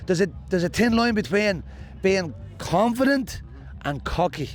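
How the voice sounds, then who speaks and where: With a slightly high pitch and a Dublin accent, an Irish man tells rambling, humorous stories in a casual, quick-witted way, much like a stand-up being interviewed.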